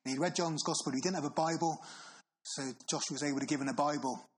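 Earnest preacher, husky voice. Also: male voice, on the high side, poor audio. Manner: earnest, asks the listener questions with tag phrases; slows down for solemn Bible readings. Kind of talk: sermon.

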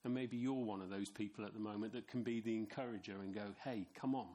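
A man's voice: lowish voice, steady tone, quick pace, warm tone. Conversational middle-aged male preacher. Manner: conversational, anecdotal, with asides to the congregation. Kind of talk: sermon.

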